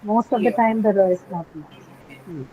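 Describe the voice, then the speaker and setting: Woman teaching a pronunciation class, middle pitch, repeats words patiently; slightly dull recording. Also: fairly quick, a little hiss or hum. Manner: patient, spells words out letter by letter and repeats them. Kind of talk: live class instruction.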